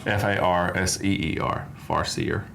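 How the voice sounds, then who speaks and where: A man's voice: low voice, fairly even intonation, a little slow, vocal fry, a bit bright, a little hiss or hum. A man with a Southern US accent hosting a music reaction show, chatting in an easygoing way and telling stories. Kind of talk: casual chat.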